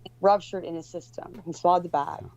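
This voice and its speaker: A woman's voice: lowish voice, fairly even intonation, brisk, darkish tone. A woman guest telling a story in casual talk, rambling with many restarts and fillers. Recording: dull lo-fi recording.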